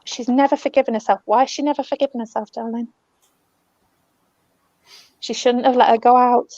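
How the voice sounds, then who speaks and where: British woman medium, gentle and soothing, slightly high, muffled dry recording. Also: fairly even intonation, a little fast, no echo. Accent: British English. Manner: gentle, soothing, calls people love and darling. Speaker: spiritual medium. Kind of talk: live online reading. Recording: dull, dry lo-fi audio.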